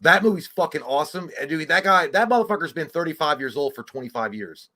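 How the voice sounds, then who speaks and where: A man co-hosting a live movie stream, talking casually and profanely, with animated outbursts. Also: on the high side, fast. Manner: profane, animated, breaks into loud put-on quotes. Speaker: podcast co-host. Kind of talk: casual movie chat on a livestream.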